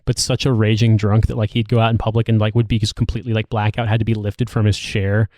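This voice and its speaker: Fast rambling man telling a story. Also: lowish voice, little pitch movement, a little mellow, no room sound, clean studio sound. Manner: rambling, lots of "like". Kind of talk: casual anecdote.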